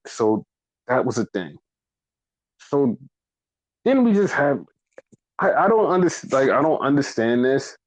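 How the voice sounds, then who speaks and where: A man casually recapping a wrestling show, talking in an animated, profane way. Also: a little slow, pauses often, poor audio. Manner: animated, profane, acts out quotes in high voices. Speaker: podcast co-host.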